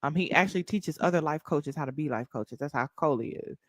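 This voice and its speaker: A woman hosting a casual chat, animated and emphatic, swearing freely. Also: low voice, a little fast, dry recording, studio quality. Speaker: host.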